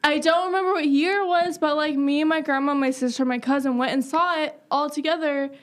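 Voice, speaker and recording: Woman podcast guest, high voice, excitable and gushing, loose casual talk. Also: a little fast.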